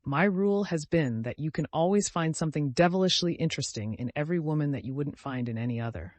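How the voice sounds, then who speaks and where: A man's voice: a little high, animated, fast talker, no room sound, natural voice. A man voicing a drunken, lecherous old father who rambles and picks quarrels. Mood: leering.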